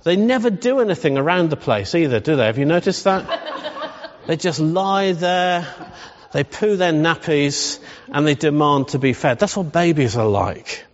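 A man's voice: a little high, animated, normal speed. Man preaching with humor in a hall. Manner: humorous, conversational, asks the congregation questions. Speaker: pastor. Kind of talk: sermon. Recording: dull sound with long hall reverb.

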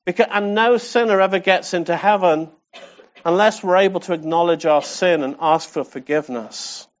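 A man with a high-sitting voice preaches a passionate sermon at normal speed, repeating phrases and putting questions to the congregation. His delivery is impassioned, built on rhetorical questions and repetition, and the recording sounds muffled.

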